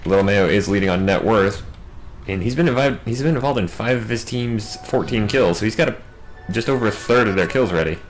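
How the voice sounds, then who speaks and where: A man doing solo play-by-play game commentary, racing through big fights and dropping wry asides in quiet moments. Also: on the low side, faint music behind, rough recording. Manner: quick, excitable calls in big plays, wry asides in lulls. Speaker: match commentator.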